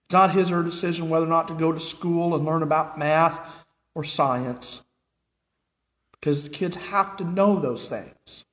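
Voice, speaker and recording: A man's voice: fairly high pitch, fairly even intonation, moderate pace, a bit bright. An American man preaching a sermon in an earnest way, asking the congregation repeated questions. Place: church sanctuary with nearly empty pews. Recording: echoey church hall.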